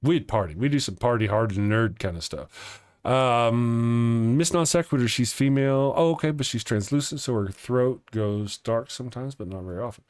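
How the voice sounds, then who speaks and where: A man's voice: mid-range voice, moderate pace, darkish tone, dry recording, clean studio sound. A man hosting a live stream in casual chat, rambling and chuckling as he reads viewer comments aloud. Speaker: live-stream show host.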